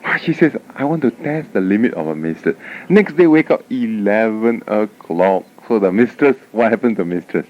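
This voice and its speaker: A man's voice: on the low side, normal speed, hardly any pauses. A man giving a Buddhist dharma talk, telling stories animatedly and often tagging lines with "huh?". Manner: animated storytelling, frequent "huh?" tag questions. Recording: dull lo-fi 1989 tape recording.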